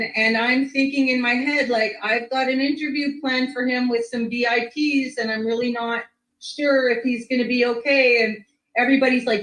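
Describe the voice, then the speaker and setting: A woman's voice: a little high, normal speed. Woman telling a story in an echoey room. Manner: lively, full of reported speech and swearing. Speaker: guest. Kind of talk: casual storytelling.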